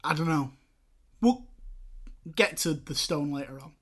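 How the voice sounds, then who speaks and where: A man's voice: a little high, lively intonation, unhurried, a bit bright. A man hosting a casual film review podcast, recapping the plot jokily and acting out lines from it.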